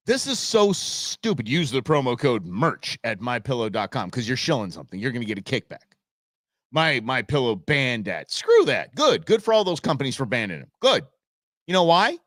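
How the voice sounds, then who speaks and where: A man's voice: medium pitch, big pitch swings, normal speed, a bit bright, dry recording, studio quality. A middle-aged man hosting a live talk show, ranting bluntly and with exasperation. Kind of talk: opinionated live show rant.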